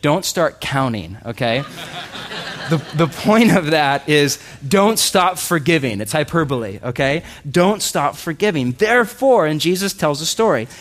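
A man preaching a sermon in a conversational way, reading scripture aloud and asking the congregation rhetorical questions. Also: on the high side. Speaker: pastor.

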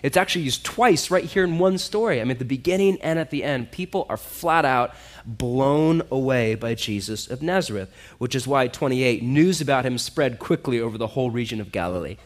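A pastor preaching a sermon in a lively, conversational way, talking straight to his listeners. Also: mid-range voice, a little fast.

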